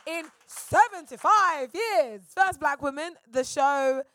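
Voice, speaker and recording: Animated woman telling stories on stage. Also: sits high, slow, dry recording, clean studio sound. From England. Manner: animated storyteller who acts out quotes. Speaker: comedian guest. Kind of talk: live stage storytelling. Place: live podcast stage.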